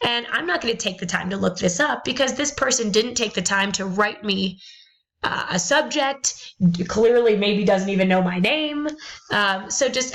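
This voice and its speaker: A woman's voice: fairly high pitch, normal speed, a bit bright, poor audio. A woman teaching college English, lecturing bluntly about email etiquette with sarcastic, exasperated asides.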